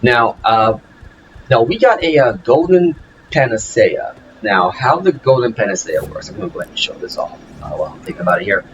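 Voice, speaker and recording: Over game music, a man talks through his let's play in a fairly quick, lively way, his voice medium-pitched. The commentary is casual, full of fillers and restarts, and the audio is dull with a noisy background.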